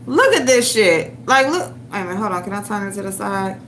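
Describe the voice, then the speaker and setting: While searching for a clip to show her viewers, a woman host rants on her livestream, mocking someone and swearing a lot. Her medium-pitched voice has lively intonation, a moderate pace, and a slightly bright quality, with a little hiss or hum.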